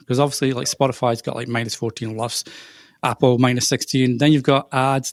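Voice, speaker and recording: Man, softened scottish accent, friendly, laughs easily, dry sound, video call guest. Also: medium pitch, no echo. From Scotland. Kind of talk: casual chat. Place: live video call podcast.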